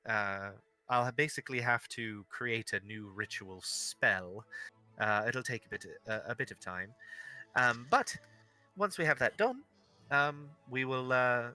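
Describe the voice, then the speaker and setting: A man gives voice to a wise old-world sorceress in a tabletop game. She speaks slowly and reverently, and her tone is bright and clear, with soft music behind her. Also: mid-range voice, animated. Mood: reassuring. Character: calm wise female sorceress, tender to her cauldron.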